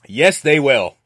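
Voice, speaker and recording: A man recaps a film for his podcast, animated and profane, tossing off quick impressions of the characters. His voice sits a little high, and the sound is close and dry. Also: husky, no room sound. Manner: animated, swearing, acts out movie lines in quick voices. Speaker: podcast host. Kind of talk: casual movie recap chat.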